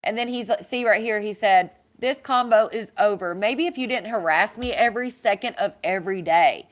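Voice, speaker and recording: A woman's voice: medium pitch, moderate pace. A woman chatting casually about a true crime case, reading out text messages with lots of "like" and incredulous asides. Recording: slightly dull lo-fi audio.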